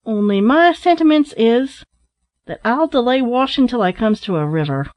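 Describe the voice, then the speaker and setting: A woman voicing a rough old miner in a storybook, speaking in a slow, drawling dialect, in a raised voice. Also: a little high, lively intonation, darkish tone, voice pushed up, lightly acted. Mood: grumbling.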